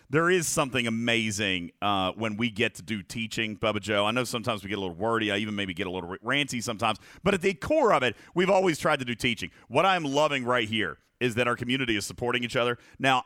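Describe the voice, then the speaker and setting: A man hosting a live podcast, talking casually and playfully, a little hoarse as he is losing his voice. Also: medium pitch, dry recording, studio quality. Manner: animated, playful, chatty with a co-host. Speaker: podcast host.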